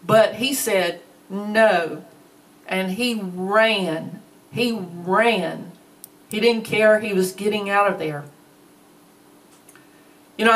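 A woman's voice: mid-range voice, far from the mic, low-quality recording. A woman teaching a Bible lesson in a plainspoken, conversational way. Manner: slow, plainspoken, conversational with fillers.

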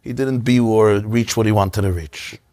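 A man, a rabbi, giving an informal synagogue class, telling stories in a conversational, animated way. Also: on the low side, normal speed, a little hiss or hum. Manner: conversational, storytelling, animated asides.

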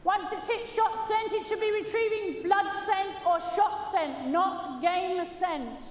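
High-voiced British woman over an arena PA. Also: slow, a little hiss or hum. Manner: jokey and chatty, praising dogs between explanations. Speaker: gundog trainer giving a live arena demonstration. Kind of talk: live commentary over a loudspeaker. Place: large indoor arena. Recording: echoey arena PA from far off.

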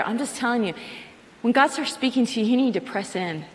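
A middle-aged woman preaches with a fairly high, animated voice, slipping into little acted-out prayers as she talks. Her voice rings out in a large hall with a long reverb trailing each phrase. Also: fast. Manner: animated, acts out prayers in quoted asides. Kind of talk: sermon. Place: large hall with live audience.

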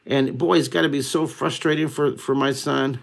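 A man hosting a live online drawing lesson, talking excitedly and rambling as he draws and makes up a story. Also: mid-range voice, moderate pace, creaky.

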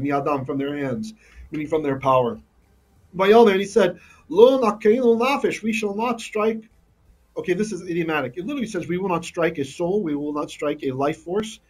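A man's voice: a little high, recorded from a distance, low-quality recording. A man teaching a live online Bible lesson, reading Hebrew verses and translating them line by line, often checking in with "right?". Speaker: Torah teacher.

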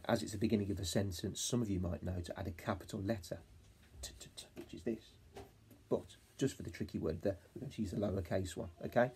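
A man with an English accent teaching a phonics lesson to young children, encouraging them and sounding out words slowly. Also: fairly low pitch, darkish tone, breathy edge. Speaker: reception class teacher.

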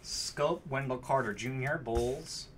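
A man's voice: medium pitch, slow, fairly bright tone, slight background noise. A man hosting a card break, chatting casually and calling out cards between stories. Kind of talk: casual chat while opening card packs.

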